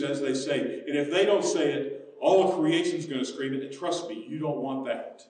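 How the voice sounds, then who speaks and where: A male pastor from the United States preaching a sermon, moving between hushed, soft passages and loud, emphatic ones. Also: medium pitch, moderate pace, few pauses. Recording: very echoey room, mic at a distance.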